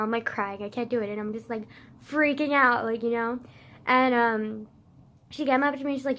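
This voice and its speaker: A woman's voice: on the high side, steady tone, fairly quick, fairly bright tone. A young woman telling a personal story in a casual vlog, rambling with constant "like" and casual swearing.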